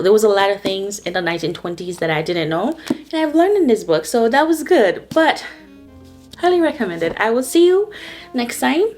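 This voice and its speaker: A woman book vlogger chatting casually and gushing about a novel, with lots of "like" fillers. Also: lowish voice. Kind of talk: casual book review chat.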